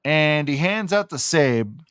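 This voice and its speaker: A man's voice: on the high side, expressive, takes it slowly, fairly bright tone, clear, resonant tone, no echo. A man talks unhurriedly on a casual podcast, winding through a profane, ranting story. His voice sits close and dry, with no room sound around it. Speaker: podcast co-host.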